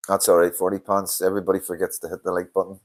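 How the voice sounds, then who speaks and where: Older streamer with a very low voice, tired and sweary, chatting loosely to his viewers. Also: level tone, rapid-fire. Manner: swears a lot, tired and yawning. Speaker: livestream host. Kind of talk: casual live-stream chat reading comments.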